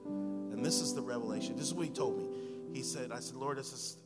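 A man preaching a sermon and telling a personal story. He swings from hushed, quiet lines to loud, excited ones. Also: mid-range voice, fast talker. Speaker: pastor. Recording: long hall reverb under loud guitar music. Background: loud guitar playing.

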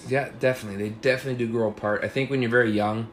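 Male podcast host, casual chat, blunt and swearing, mid pitch, faint background hiss. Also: steady tone, very fast. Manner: frank, profane, advice-giving.

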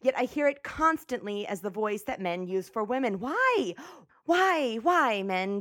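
A woman's voice: on the high side, big pitch swings, moderate pace, no room sound, clean studio sound. A young woman hosting a comedy podcast, rambling and self-mocking in a bubbly way. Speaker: podcast host. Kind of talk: comedy podcast monologue and sketch.

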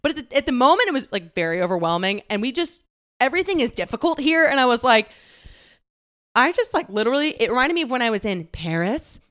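A woman's voice: on the high side, sing-song, quick pace, fairly bright tone. A young woman telling a personal story, candid and emotional, laughing often and close to tears.

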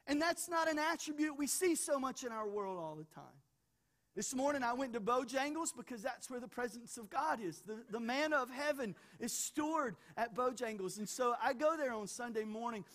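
Male pastor, sermon delivery, animated, joking asides, repeats words for build. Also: very high-pitched, normal speed.

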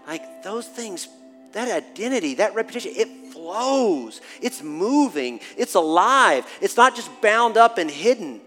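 A man in his forties preaching a sermon and telling a family story, animated, swinging from hushed to loud and laughing. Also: sits high, unhurried. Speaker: pastor. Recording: long hall reverb with faint music.

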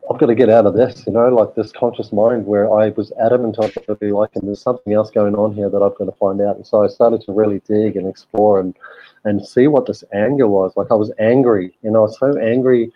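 A man's voice: on the low side, fairly even intonation, a little fast, no room sound, lo-fi sound. A middle-aged man, a guest telling his life story candidly, with frequent fillers and swearing. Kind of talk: personal storytelling.

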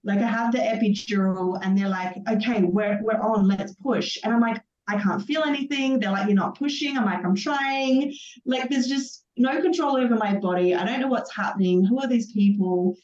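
A woman in her thirties telling her own birth story as a podcast guest, acting out what was said in lively bursts. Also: mid-range voice, fairly quick, few pauses. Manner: animated storytelling, acts out her own quotes. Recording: distant, dull, roomy sound.

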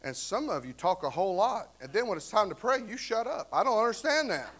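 A man preaching a sermon in a conversational way, often checking in with "right?" and rising to loud, fervent bursts. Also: sits high, big pitch swings, a little fast. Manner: repeats "right?" to the congregation. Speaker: pastor.

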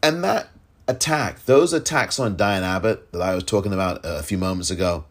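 Emphatic low-voiced male podcast host. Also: normal speed. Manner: emphatic, exasperated, repeats points for stress. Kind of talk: solo political commentary.

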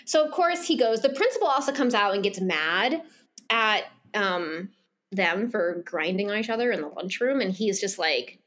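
A woman's voice: medium pitch, expressive, moderate pace, a bit bright. A woman co-hosting a podcast, recapping a romance novel scene by scene in casual chat, quoting the characters' lines and laughing often. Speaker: podcast co-host. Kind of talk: casual book-club chat.

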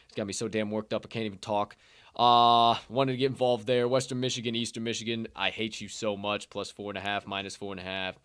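A man's voice: on the low side, flat delivery, fairly quick, fairly bright tone, clear, resonant tone. A man hosting a sports betting podcast, ranting in casual chat with heavy profanity. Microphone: podcast microphone.

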